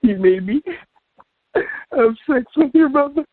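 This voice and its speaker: A man's voice: extremely high pitch, expressive, slow, no room sound, voice pushed up, heavily acted. A man voicing a giggling young male prank caller who mocks the host. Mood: mocking. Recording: tinny phone-like sound.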